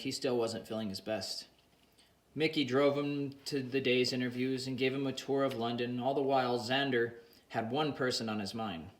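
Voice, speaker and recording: A man reads a story aloud in a plain, unhurried way. His voice has an ordinary middle pitch for a man. The recording carries a noticeable roomy echo. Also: steady tone. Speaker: audiobook narrator. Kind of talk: audiobook narration.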